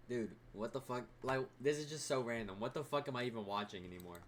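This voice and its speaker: A man's voice: medium pitch, brisk, a little hiss or hum. A young man hosting a reaction video, rambling in casual commentary with constant fillers and swearing.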